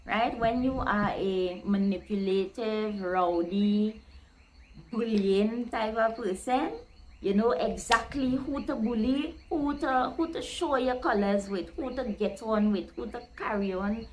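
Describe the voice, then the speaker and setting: A woman's voice: fairly high pitch, unhurried, darkish tone, a little hiss or hum, poor audio. A woman, explaining Caribbean sayings in a casual vlog, step by step, and acting out quoted lines by shifting her voice. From Guyana.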